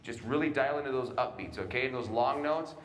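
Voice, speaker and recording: A man coaching a student jazz band in a large concert hall, giving brisk instructions and scatting the rhythms he wants. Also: mid-range voice, a little hiss or hum. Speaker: jazz clinician. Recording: roomy hall with band behind.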